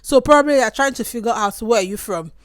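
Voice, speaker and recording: A young Nigerian woman with a Nigerian accent, chatting casually to camera and mixing Pidgin asides into her lively storytelling. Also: fairly high pitch, fast, no room sound, studio quality. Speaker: vlogger.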